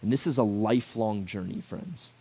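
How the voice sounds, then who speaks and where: A man in his twenties giving a sermon to a youth group, talking in a casual and animated way and acting out quotes. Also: fairly low pitch, moderate pace. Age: 20s. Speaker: youth pastor.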